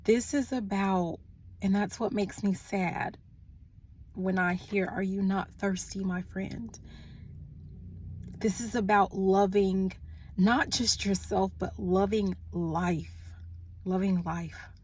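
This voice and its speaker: A woman in an indoor room delivering a channeled spiritual message into a phone, speaking softly and earnestly, sometimes dropping to a hush. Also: medium pitch, steady tone, a little hiss or hum. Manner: slow, soft-spoken and earnest, trailing into hushed tones.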